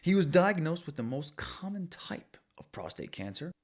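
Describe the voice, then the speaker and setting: A man's voice: on the high side, sing-song, moderate pace. A young man hosting a podcast, reading out odd news stories and riffing on them casually, often laughing and tripping over long words. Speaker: podcast host. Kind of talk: casual comedic commentary on news.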